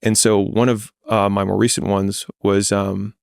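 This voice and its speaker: Gravelly low-voiced man talking bluntly. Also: level tone, unhurried, no echo, clean studio sound. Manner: blunt, plainspoken, reflective. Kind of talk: candid conversational talk.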